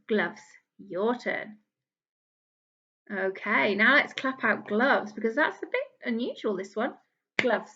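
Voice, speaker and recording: A woman teaching a phonics lesson to young children, speaking gently and encouragingly as she claps out syllables. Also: on the high side, highs cut off.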